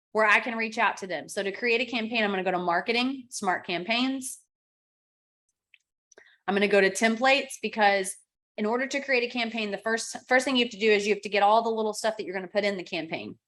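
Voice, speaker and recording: Woman talking through a software tutorial. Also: on the high side. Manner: talks through clicks step by step, acts out client texts. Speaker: real estate software coach. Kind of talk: screen-share software tutorial.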